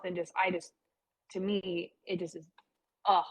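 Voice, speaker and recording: A young adult woman, appearing as a guest in a casual interview, shares her cancer story in a chatty, heartfelt way, saying "like" a lot. Her voice sits fairly low with little pitch movement, and she speaks at a moderate pace on a rough recording.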